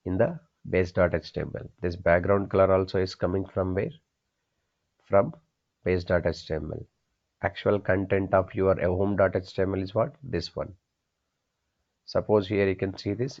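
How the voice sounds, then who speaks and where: A man with a very low voice teaches a coding class in plain classroom speech. He asks his students questions, answers them himself and says each key point twice. The recording sounds dull and lo-fi. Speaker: programming instructor.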